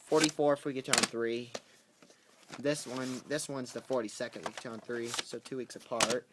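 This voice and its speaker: A man casually going through his tape collection on camera, talking in halting bursts with ums and restarts. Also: mid-range voice, steady tone. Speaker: VHS tape collector vlogger. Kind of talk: casual spoken video commentary. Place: at home with a pet in the room. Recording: noisy home recording with clicks.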